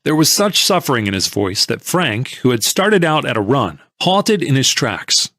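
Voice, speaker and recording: A male audiobook narrator telling a first-person story in a measured, plain-spoken way. His pitch moves freely around a middle voice. The recording is dry and close. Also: very animated, fairly bright tone, dry recording.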